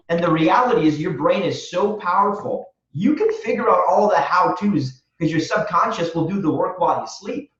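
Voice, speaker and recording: A man's voice: on the high side, echoey room, far from the mic, dull audio. A man guest on a podcast, answering in an earnest, motivational way and repeating phrases for emphasis. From Romania. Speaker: guest, real estate wholesaler.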